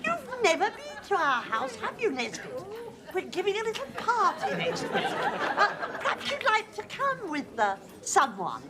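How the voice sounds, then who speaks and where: An actress playing a refined, polite executive's wife in a studio sitcom, genteel and lightly flirtatious. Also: female voice, extremely high pitch, wildly swooping pitch, unhurried, over a noisy crowd, full character voice. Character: refined, gracious middle-aged executive's wife. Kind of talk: 1980s studio sitcom acting. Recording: sitcom taped before loud studio audience.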